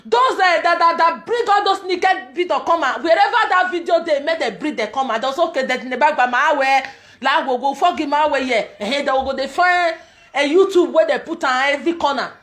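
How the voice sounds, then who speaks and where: Woman, Nigerian Pidgin accent, vlogger, very high pitch, emphatic ranting delivery. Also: brisk. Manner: emphatic, repetitive, loud outbursts. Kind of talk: ranting commentary.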